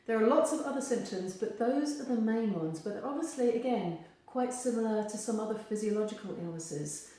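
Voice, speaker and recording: Woman giving advice to camera, animated, acts out voices, room's really echoey. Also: on the high side, brisk, hardly any pauses. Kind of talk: direct-to-camera advice video. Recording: very echoey room.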